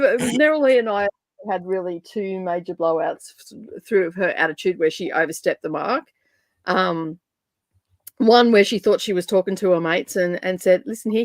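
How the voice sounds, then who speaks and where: A woman's voice: on the high side, no echo. A woman hosting a casual reading stream, chatting in a rambling, sarcastic way and laughing often. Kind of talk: casual chat.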